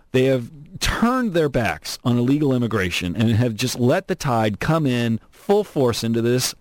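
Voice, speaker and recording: A man hosting an opinionated political talk radio show from Southern California, animated, sarcastic and emphatic. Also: mid-range voice, unhurried, hardly any pauses, dry recording. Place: radio studio.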